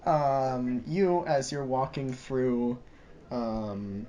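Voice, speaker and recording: A man's voice: mid-range voice, fairly even intonation, drawn-out words, warm tone. A young man narrating as game master of a tabletop game, rambling with lots of ums and hedging words. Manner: rambling, full of ums and sorta.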